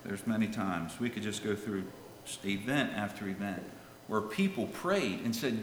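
Dramatic preacher in an echoing hall. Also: male voice, fairly low pitch, expressive, moderate pace, slight background noise. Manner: dramatic, swings between loud calls and hushed lines; reads scripture in King James wording. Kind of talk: sermon. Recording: echoey hall with long reverb.

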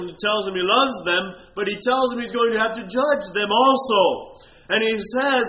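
A man preaching a sermon in a high, bright voice. He reads scripture slowly and loudly, then drops to a quieter voice to explain it. The room echoes, with a faint hiss behind him.

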